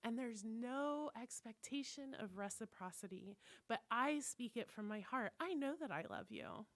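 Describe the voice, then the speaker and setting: Woman minister, conversational sermon, higher voice, dry close sound, acts out quoted lines. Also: animated, moderate pace, no room sound. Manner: candid storytelling, acting out quoted voices.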